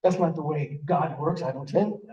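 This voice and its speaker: A man's voice: on the high side, normal speed, dull audio. An older man giving a sermon as a rabbi, telling stories earnestly, often restarting his words. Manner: storytelling, earnest, with repeated restarts. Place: synagogue sanctuary. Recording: echoey room, voice from a distance.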